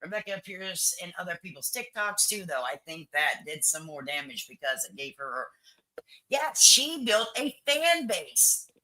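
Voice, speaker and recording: An older woman hosts a casual livestream, talking bluntly and repeating her points. Her voice is strikingly bright and sharp, and her pitch swings widely as she talks. She swears freely and sounds firmly opinionated. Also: very animated, moderate pace, poor audio. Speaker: livestream host. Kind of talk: casual chat with viewers.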